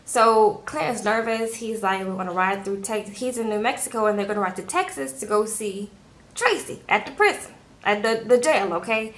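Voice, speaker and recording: A woman's voice: a little high, expressive, normal speed, low-quality recording. A woman vlogger recapping a reality show in a chatty, filler-heavy way, talking straight to her viewers from a room at home. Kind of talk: casual TV recap.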